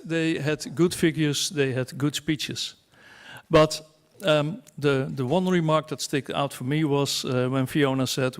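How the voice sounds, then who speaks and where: A man addresses a conference audience with a slightly raised pitch. He talks in a wry, self-mocking way, throwing in asides and rhetorical questions. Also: fairly even intonation, a little slow. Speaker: conference speaker. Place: conference hall.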